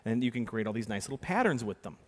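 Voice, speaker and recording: Animated man telling a story. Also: medium pitch, fast. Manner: animated storyteller, acts out voices, swings from hushed to loud. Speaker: keynote speaker and magician. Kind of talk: storytelling keynote talk. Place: large conference hall. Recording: reverberant conference hall.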